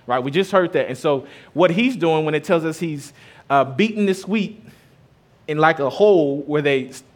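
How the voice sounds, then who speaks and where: A slightly high male voice at a moderate pace belongs to a pastor in his thirties giving a conversational sermon. He combines scripture with stories of his kids, and his loudness alternately builds and drops.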